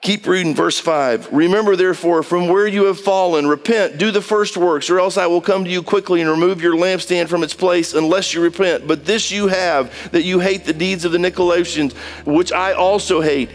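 Man, preacher, high voice, impassioned sermon, pleading delivery. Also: normal speed. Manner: impassioned, pleading, swings between high and low.

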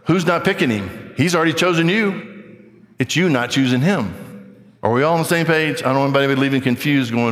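A man's voice: mid-range voice, a little fast. A man preaching a sermon, emphatic and preacherly, reading scripture aloud to the congregation. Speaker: pastor. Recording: long hall reverb.

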